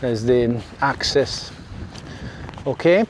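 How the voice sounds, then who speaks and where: A man's voice: mid-range voice, drawn-out words, slight background noise. A man with an Italian accent, walking and chatting casually to viewers by a seaside harbour, often correcting himself and apologising. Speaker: vlogger. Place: outdoors by a seaside village harbour and beach. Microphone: clip mic under a jacket.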